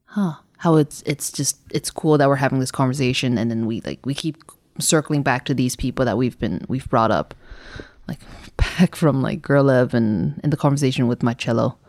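A woman's voice: very deep voice, moderate pace, darkish tone, no echo, studio quality. A woman co-hosting a podcast, talking in a rambling, hesitant way with many fillers and laughs. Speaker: podcast co-host. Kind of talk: casual chat.

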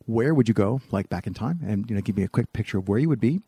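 A man rattles on at a quick clip with a gravelly, dark voice, hosting a casual podcast chat. He jokes, rambles through anecdotes and laughs easily, and the sound is dry and close with no room around it. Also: on the low side, lively intonation, no room sound. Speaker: podcast host.

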